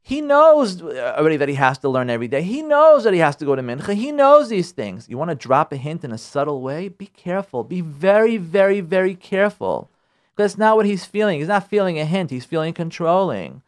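A man giving a lively sermon as a rabbi, repeating his phrases and acting out nagging spouses. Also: fairly high pitch, fairly quick. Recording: radio broadcast.

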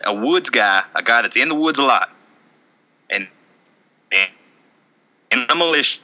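A man's voice: mid-range voice, expressive, measured pace, bright, forceful tone, low-quality recording. A man improvising a rambling militia man who lives in the woods, with a shaky attempted Southern accent that keeps slipping. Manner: rambling, self-contradicting, wobbly put-on drawl. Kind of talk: improvised comedy bit.

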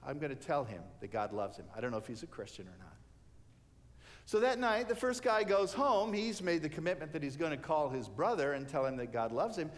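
Male preacher, lively storyteller, slightly high voice, hall reverb. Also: fairly quick. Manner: animated storyteller acting out characters' lines. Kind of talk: sermon storytelling.

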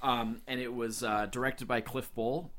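A man's voice: medium pitch, flat delivery, normal speed, fairly bright tone. A man co-hosting a podcast in casual chat, sharing background facts with many filler words. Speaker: podcast co-host.

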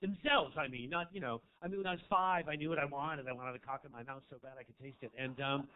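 A man doing a stand-up comedy set in a small club, with brash, campy crowd work that swings from loud to quiet. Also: medium pitch, fast talker, clean tone. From American South. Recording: tinny phone-like audio.

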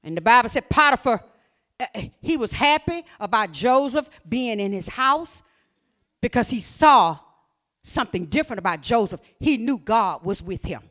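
A woman preaching a fervent sermon, repeating phrases and often shouting. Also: fairly high pitch, lively intonation, normal speed.

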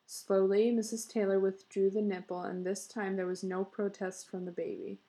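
A woman reads a story aloud in a measured, expressive way. Her voice is mellow and dark, with a gravelly fry. Her delivery is steady and clear, like a storybook reading. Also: mid-range voice, low-quality recording. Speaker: narrator. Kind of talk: storybook narration.

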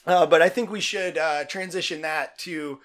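A man's voice: a little high, steady tone, normal speed, a bit bright. A man co-hosting a sports podcast in a casual chat, rambling and enthusiastic with plenty of fillers. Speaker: podcast co-host.

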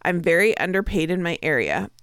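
A woman from Washington state, co-hosting a podcast in a relaxed, chatty way. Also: fairly low pitch, fairly quick, smooth, no room sound, clean studio sound. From Washington state, USA. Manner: relaxed, chatty, many fillers. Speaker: podcast co-host. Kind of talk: casual chat.

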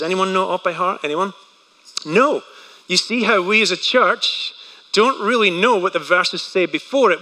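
High, bright preacher in an echoing hall. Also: male voice. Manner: animated, joking preacher with rhetorical questions. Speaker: pastor. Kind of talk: sermon.

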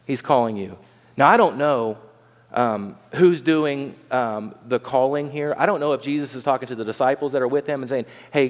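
A male pastor preaching a sermon, lively and playful, acting out the scene in little voices and asking the room questions. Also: fairly high pitch, long reverb tail.

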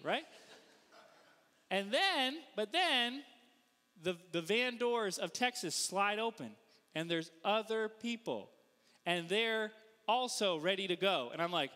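Pastor from the Northeastern US, male, high and bright, swooping delivery, comic self-mocking storyteller, sanctuary reverb. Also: expressive, normal speed. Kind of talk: storytelling sermon.

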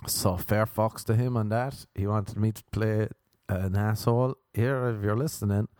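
A man hosting a comedy podcast, rambling through a crude, self-mocking monologue full of quick put-on voices. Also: fairly low pitch, fairly even intonation, darkish tone, dry recording, clean studio sound.

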